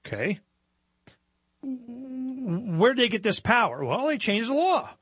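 A man's voice: extremely high pitch, big pitch swings, takes it slowly, fairly bright tone, slightly rough, no room sound. A man hosting a talk show, commenting casually while reading news aloud, with mocking asides and rhetorical questions.

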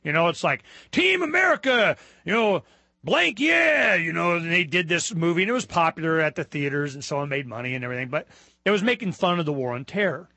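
Guy hosting a radio talk show, high bright voice, goes off on tangents, gets worked up. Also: fast, dry recording. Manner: animated, rambling, excitable. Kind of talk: casual political talk radio.

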